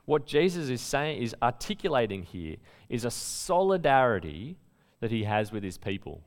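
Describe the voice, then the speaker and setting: A man's voice: medium pitch, moderate pace. Aussie guy preaching, chatty, voice jumping up and down a lot. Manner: conversational preaching with lively storytelling and emphatic quotes. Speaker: pastor. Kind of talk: sermon.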